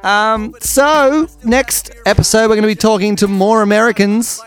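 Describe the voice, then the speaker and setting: A man's voice: high-pitched, expressive, unhurried. A man hosting a podcast, chatting casually with jokes, asides and lots of ums. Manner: jokey, rambling, full of ums and asides. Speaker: podcast host. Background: faint music, stopping near the end.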